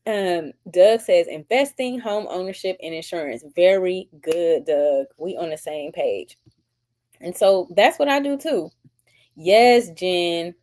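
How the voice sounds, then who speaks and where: A woman's voice: lowish voice, sing-song, measured pace, a little mellow. Upbeat chatty woman hosting a stream. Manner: chatty, reads aloud and answers chat comments; upbeat and gushing. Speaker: book club host. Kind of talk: live-stream book discussion.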